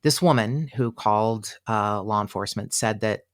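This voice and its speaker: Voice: mid-range voice, normal speed. Chatty true-crime podcast host. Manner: animated, chatty, acts out quotes, many fillers. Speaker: podcast co-host telling a case. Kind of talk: casual true-crime storytelling.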